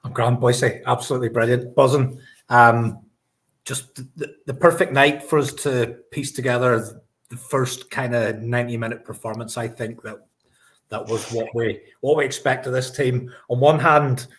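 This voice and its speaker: A co-host talks through a match in casual chat, upbeat but measured. His pitch barely moves, level and even from phrase to phrase. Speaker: podcast co-host.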